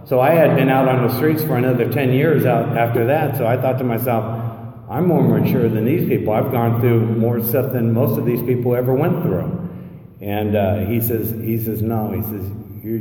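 A man's voice: medium pitch, normal speed, dark tone. A man in his fifties telling his recovery story to a crowd, stammering through restarts and acting out what others said. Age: 50s. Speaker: recovery meeting speaker. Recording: echoey hall, mic from a distance.

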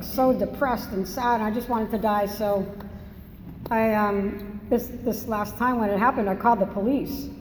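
A woman's voice: fairly high pitch, a little hiss or hum. Woman from Massachusetts, candid personal testimony with self-mocking humour, long hall reverb on the voice. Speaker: speaker sharing a recovery story.

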